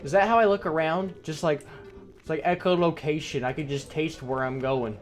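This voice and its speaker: A man's voice: on the high side, normal speed, faint music behind. A young man giving crude, sarcastic running commentary while playing a game. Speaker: gameplay commentator. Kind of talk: casual let's play commentary.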